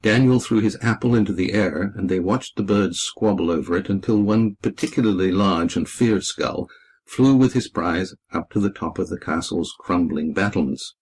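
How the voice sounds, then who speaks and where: A man narrating a children's storybook in a measured, descriptive reading. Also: low voice, darkish tone, slightly rough. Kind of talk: scripted narration.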